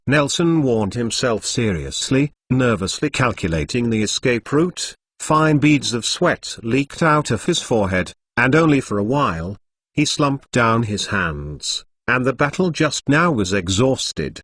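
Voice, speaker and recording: A man narrating a fantasy novel aloud in an even, steady storytelling manner. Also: medium pitch, a little slow, no room sound.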